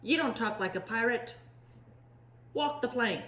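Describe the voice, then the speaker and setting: A woman's voice: a little high, a little slow, a bit bright, reverberant, voice pushed up. A woman voicing an impatient, bossy male pirate captain who bellows in pirate slang. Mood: gruff.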